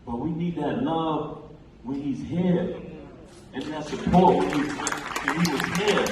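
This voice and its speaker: A man delivers a passionate, emphatic memorial speech from a stage. His voice carries through a very reverberant theater and sounds distant from the microphone, with a faint hiss underneath. His pitch sits in an ordinary middle range. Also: lively intonation, slow, a crowd in the background. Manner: impassioned, emphatic, recounts conversations with his late friend. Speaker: eulogy speaker. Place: large theater hall. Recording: echoey hall, distant pickup, faint noise.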